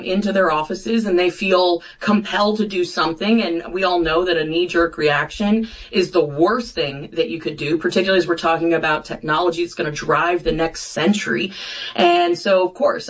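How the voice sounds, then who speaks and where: A woman's voice: on the low side, moderate pace. A woman guest on a political talk show, a congresswoman speaking bluntly with sarcastic jabs.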